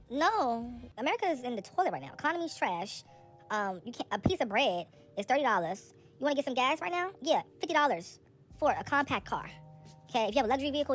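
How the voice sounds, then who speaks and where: A young woman rattles through celebrity gossip at a brisk clip, her voice sitting a little high. She is chatty and sassy, tossing in quick asides as she goes. Faint music plays underneath. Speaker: entertainment gossip vlogger. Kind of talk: casual gossip commentary.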